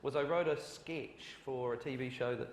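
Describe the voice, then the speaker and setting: A man's voice: mid-range voice, steady tone, normal speed. A man with a New Zealand accent, a screenwriter on a conference panel, rambling with jokes and self-deprecating asides and often restarting his sentences. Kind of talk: panel discussion. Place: conference hall. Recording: echoey hall, faint noise.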